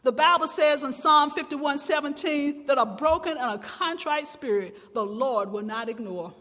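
A woman preaching a sermon in church, impassioned and swelling into loud, emphatic cries. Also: high voice, normal speed, long reverb tail.

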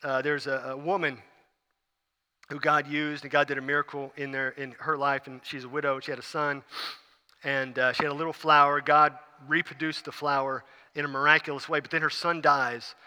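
Pastor guy preaching, high voice, acts out the story, big echoey church. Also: a little fast, smooth. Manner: animated storytelling, acts out scenes. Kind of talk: sermon. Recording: long reverb of a large hall.

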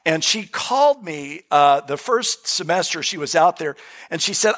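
A man's voice: fairly high pitch, animated, normal speed, a bit bright. A middle-aged man preaching a sermon to a church congregation, chatting and telling stories with frequent fillers. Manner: conversational, folksy storytelling with fillers. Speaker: pastor. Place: church service room.

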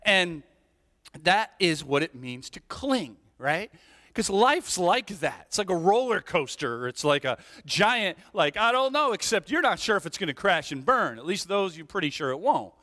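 A man's voice: sits high, normal speed. A middle-aged man preaching a sermon, telling stories with playful asides and checking in with the congregation. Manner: animated storytelling, playful asides, rhetorical "right?". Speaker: pastor. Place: church sanctuary. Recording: long reverb of a large hall.

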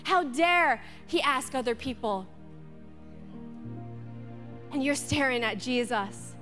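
A woman's voice: a little high, fairly bright tone. A woman preaching a sermon, building intensity through repeated rhetorical questions. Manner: impassioned, repetitive rhetorical questions. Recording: long hall reverb with faint music.

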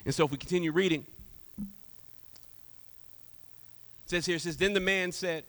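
A man preaching a sermon in an animated way, swinging from loud to soft. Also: high voice, moderate pace, pauses often. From Houston, Texas. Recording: long echo of a large hall.

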